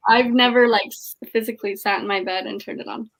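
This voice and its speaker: A woman in an easygoing livestream conversation, her voice fairly high. She talks tentatively and fills her sentences with "like" as she finds her words. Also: steady tone, fairly quick, gravelly, a crowd in the background. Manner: hesitant, lots of "like". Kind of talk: casual chat on a livestream.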